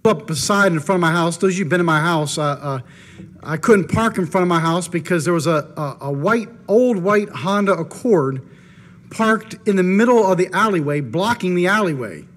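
A man preaching, telling a personal story in an animated first-person way and acting out his own thoughts. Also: high voice, normal speed. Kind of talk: storytelling in a sermon.

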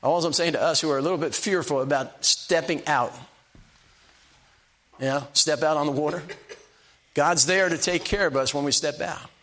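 An older man preaching a sermon, telling folksy personal stories with restarts and slow, emphatic punchlines. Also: fairly high pitch, bright, forceful tone.

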